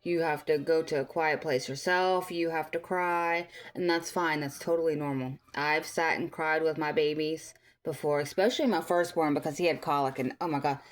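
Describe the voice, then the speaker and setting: A young woman vlogger with a notably low voice chats to her viewers in a loose, rambling way. She fills her talk with ums and likes and often restarts her sentences. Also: fairly even intonation, moderate pace, hardly any pauses. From Tennessee, US. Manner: chatty, rambling, many fillers and restarts. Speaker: vlogger, mother. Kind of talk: casual storytime commentary.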